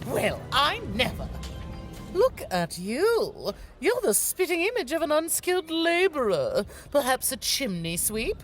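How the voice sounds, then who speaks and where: An actress playing a snobbish noblewoman in a video game, affected and drawn-out. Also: sits high, huge pitch swings, soft background music, exaggerated voice. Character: snobbish noblewoman insisting on titles.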